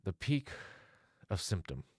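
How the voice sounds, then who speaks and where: Deep-voiced sarcastic man. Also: very animated, measured pace, darkish tone, no room sound, studio quality. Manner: sarcastic, mocking, exasperated. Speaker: commentator reacting to screenshots. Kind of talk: casual reaction commentary, reading messages aloud.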